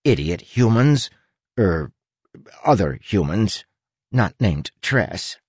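A man's voice: fairly low pitch, sing-song, slow, darkish tone, breathy edge, no echo, exaggerated voice. A man voicing a small, cowardly talking rat who grumbles and whines. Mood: grumbling. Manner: whiny, grumbling.

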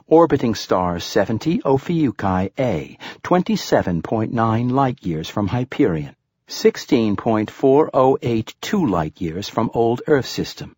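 A man's voice: medium pitch, a little mellow, breathy edge, no echo, studio quality. A man voicing a polite, chirpy talking bracelet computer that speaks in a precise, formal, helpful way.

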